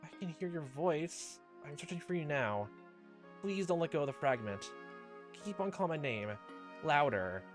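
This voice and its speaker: A man reading a soft-spoken girl spirit. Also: on the high side, moderate pace, faint music behind. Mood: soft calling. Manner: soft, calm and pleading. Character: gentle faint girl spirit calling from afar.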